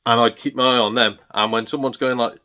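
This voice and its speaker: A man's voice: mid-range voice, fairly even intonation, fairly quick, sharp tone. A British man hosting a gaming channel, telling a rambling, exasperated story with lots of restarts. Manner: exasperated, chatty, self-interrupting.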